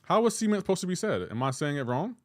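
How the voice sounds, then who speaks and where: A man's voice: on the high side, big pitch swings, fast, a little mellow, dry recording, studio quality. A man with a light Southern US accent, a gaming streamer chatting casually and reacting to his viewers' messages. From Southern United States. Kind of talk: casual live-stream chat.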